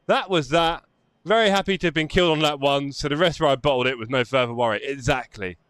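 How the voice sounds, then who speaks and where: A man's voice: mid-range voice, fast talker, a bit bright, clear, resonant tone, no room sound. A man hosting a live sim racing stream, chatting and congratulating drivers after the race. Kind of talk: live race commentary and chat. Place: home sim racing setup.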